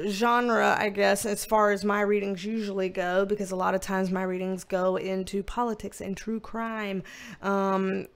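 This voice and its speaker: Woman, high voice, slow easy delivery, chatty and rambling. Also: smooth. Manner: chatty, rambling, doting baby talk with her dogs. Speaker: tarot reader. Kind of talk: casual vlog talk. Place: at home.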